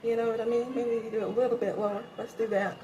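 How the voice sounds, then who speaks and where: A woman's voice: a little high, little pitch movement, rapid-fire, noisy background. A tired woman chatting casually and rambling to herself while she does her makeup at home for a beauty vlog. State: tired and breathing heavily. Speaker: beauty vlogger. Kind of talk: casual makeup tutorial chat.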